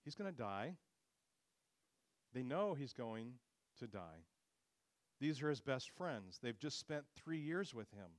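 Man, sermon, earnest expository preaching, mid-pitched voice, dry close sound. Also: sing-song, slow pace, pauses often, no room sound. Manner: earnest expository preaching, rising on quoted scripture.

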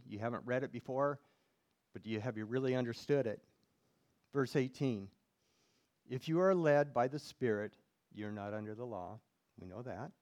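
A man's voice: mid-range voice, a little mellow. A male pastor preaching a sermon in church, reading scripture aloud and putting questions to the congregation.

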